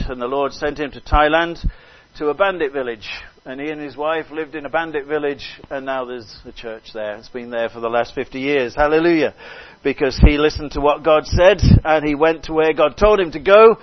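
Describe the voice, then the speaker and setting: An older man preaching a sermon with fervour, repeating phrases and crying out hallelujah between soft asides. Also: mid-range voice, steady tone, moderate pace, no room sound. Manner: fervent, swings between loud exclamations and soft asides. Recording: dull lo-fi recording.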